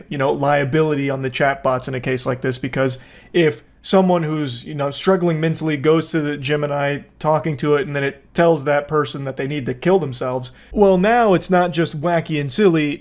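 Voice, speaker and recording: A young man giving casual commentary as a video host, sarcastic and profane with jokey asides. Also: on the high side.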